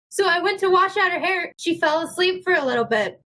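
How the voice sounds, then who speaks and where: High-voiced young woman telling a story. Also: a little fast. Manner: animated, laughing, acts out quotes. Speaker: podcast co-host. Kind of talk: casual storytelling.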